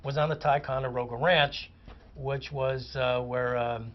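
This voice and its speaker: A man, a comic actor, telling lively anecdotes as a guest on a chat show. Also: mid-range voice, measured pace, a little hiss or hum. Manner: animated raconteur, vivid descriptive detail. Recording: muffled lo-fi audio.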